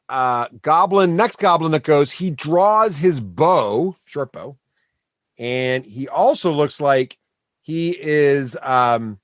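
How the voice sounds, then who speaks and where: A man narrating as game master of a tabletop game, animated and laughing, adding sound effects. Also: mid-range voice, dry recording, studio quality.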